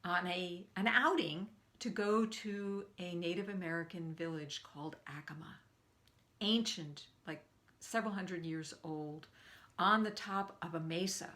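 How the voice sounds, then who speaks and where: An older woman coaching a live online group, telling a personal story and acting out the quoted lines with lively jumps in pitch. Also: takes it slowly. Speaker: speaking coach.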